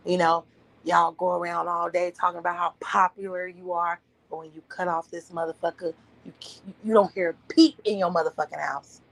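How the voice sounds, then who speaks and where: A woman ranting bluntly and profanely on a livestream from home, often mimicking others in a high voice. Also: steady tone, moderate pace, vocal fry, fairly bright tone, no echo, rough recording. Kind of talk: casual livestream rant. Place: at home, partner asleep beside her.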